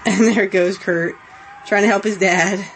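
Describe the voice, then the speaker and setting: A young woman talks casually over a wrestling watch-along, giggling often and padding her sentences with "like" and "you know". Her voice sits at an ordinary middle pitch. A faint hiss of noise runs under the recording. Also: fairly even intonation, unhurried, rough recording. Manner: chatty, giggly, full of fillers. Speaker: podcast host.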